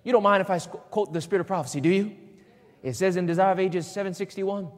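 High-voiced preacher in an echoing hall. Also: male voice, steady tone, quick pace. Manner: call-and-response, asks the congregation questions; emphatic, repeating key phrases. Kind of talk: sermon. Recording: long hall reverb.

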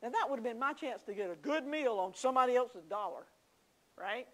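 A woman's voice: fairly high pitch, expressive, a little fast, fairly bright tone, rough recording. A woman teaching a church class, telling homey stories with confiding asides. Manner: folksy storytelling, confiding asides.

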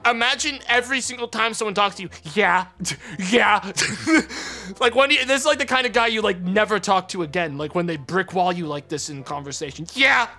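A young man with a high-pitched, sharp voice does casual let's-play commentary on a kids' game, with game music in the background. He's sarcastic and profane, mocking the characters.

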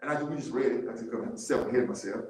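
A man leading a church Bible study, animated, repeating key words and laughing often as he teaches. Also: mid-range voice, very fast. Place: church room. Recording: very echoey church room.

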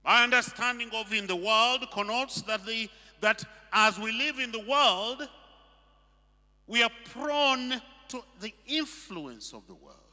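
A man preaches with a high, brightly ringing voice that swings widely in pitch, pressing his points with rhetorical questions. His sermon carries a long reverb from a church hall. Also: a little slow. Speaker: pastor.

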